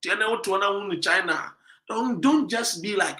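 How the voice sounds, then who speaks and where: A man with a Ghanaian accent giving emphatic commentary, full of rhetorical questions, sometimes loud and sometimes dropping low. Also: moderate pace, reverberant. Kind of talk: animated commentary mixing Twi and English.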